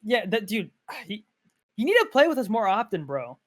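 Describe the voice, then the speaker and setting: Excitable young-sounding man chatting. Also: high-pitched, moderate pace. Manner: excitable, animated storyteller. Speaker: podcast co-host. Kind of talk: casual chat.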